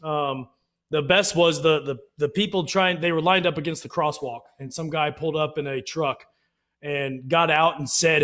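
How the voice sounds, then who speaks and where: A man's voice: on the high side, normal speed. A man, co-hosting a casual talk podcast and telling stories with acted-out quotes. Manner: animated storyteller, acts out quotes in raised voices. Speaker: podcast co-host. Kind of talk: casual chat.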